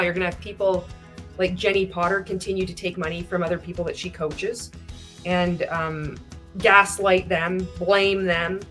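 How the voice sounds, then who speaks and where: Woman reaction host, blunt and indignant, swears freely, mid-pitched voice. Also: fairly bright tone. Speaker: commentary host. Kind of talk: reaction commentary livestream.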